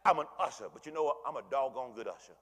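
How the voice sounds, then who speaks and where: A male pastor preaching a sermon, swinging between hushed murmurs and loud emphatic peaks, with casual asides to the congregation. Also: medium pitch, very fast, husky, big-room sound. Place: church sanctuary.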